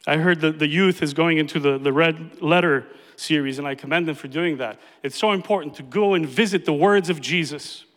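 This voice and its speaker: A man's voice: a little high, fairly quick, few pauses, a bit bright, soft background music. A man pastor preaching a sermon, emphatic and repeating key phrases for effect. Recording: reverberant hall.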